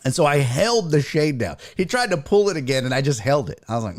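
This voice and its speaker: Animated profane male storyteller. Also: fairly high pitch, a little fast, hardly any pauses. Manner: animated, profane, voices people in his stories. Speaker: podcast host. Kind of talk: casual comedic storytelling.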